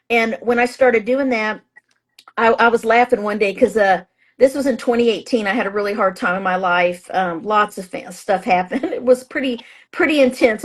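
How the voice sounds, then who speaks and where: A woman astrologer and author being interviewed, talking in a chatty, emphatic way with plenty of fillers and restarts. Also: on the high side. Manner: acts out her own past thoughts in a raised voice. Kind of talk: casual interview talk.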